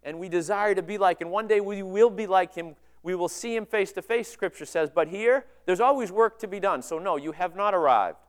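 A man's voice: high-pitched, fairly quick, hardly any pauses, smooth. A male pastor preaching a sermon in a conversational way, with many rhetorical questions. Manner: conversational, asks rhetorical questions with frequent "right?".

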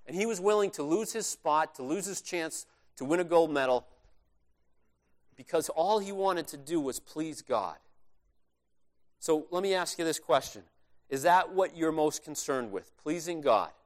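Earnest, higher-voiced male preacher. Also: lively intonation, measured pace. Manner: conversational, earnest, emphatic on key points. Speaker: pastor. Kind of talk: sermon.

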